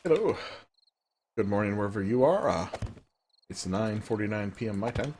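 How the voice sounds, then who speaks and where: A rambling, joking man narrates his game as he plays. His voice sits fairly low. A faint hiss runs under the recording. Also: lively intonation, moderate pace, darkish tone. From Tennessee. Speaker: let's play host. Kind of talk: casual game commentary.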